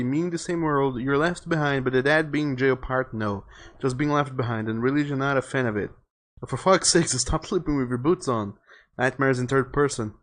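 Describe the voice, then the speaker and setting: Chatty male game streamer. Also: medium pitch. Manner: chatty, reads viewer messages aloud, swears. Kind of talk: casual live-stream commentary.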